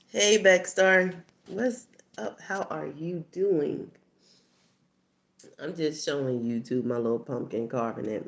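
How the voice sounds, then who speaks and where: A woman chatting casually on a livestream as a channel host, telling stories animatedly with bursts of laughter. She acts out quotes in squeaky high voices and drops to soft near-whispered asides. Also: gravelly.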